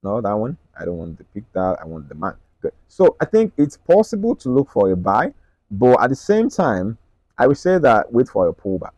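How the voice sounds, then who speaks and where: Man, low voice, rapid chart walkthrough, dry close sound. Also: wildly swooping pitch, a little mellow, dry recording, dull audio. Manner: rapid, repetitive, checks in with "right?" and "okay?". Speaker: trading analyst. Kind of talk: screen-share market analysis.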